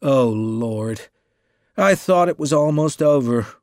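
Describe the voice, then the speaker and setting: A man voicing an irritable, moody male novelist who speaks curtly and growls, in a husky voice. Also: mid-range voice, sing-song, slow pace, dry recording, clean studio sound, full character voice. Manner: curt and growling.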